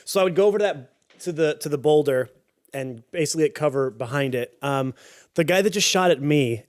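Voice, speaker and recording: A man at a tabletop game who calls out his rolls casually and cracks jokes between them. His voice sits a little high. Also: brisk. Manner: offhand, joking, reads dice totals aloud. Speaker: player.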